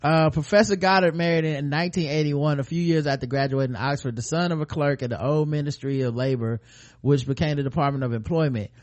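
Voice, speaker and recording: A man's voice: a little high, a little fast. Man reading news with crude jokes. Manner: reads news aloud, then cuts in with crude jokes. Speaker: podcast co-host. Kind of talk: comic news read with banter.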